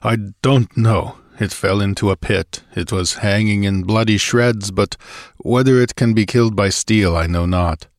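A man voicing a wounded barbarian warrior who speaks bluntly and gruffly. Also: on the low side, fairly even intonation, unhurried, no echo, clean studio sound. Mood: grim.

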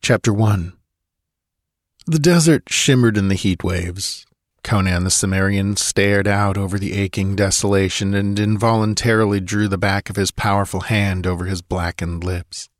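A man narrating an audiobook in a measured, steady storytelling manner. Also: lowish voice, dry recording, clean studio sound. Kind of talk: scripted narration.

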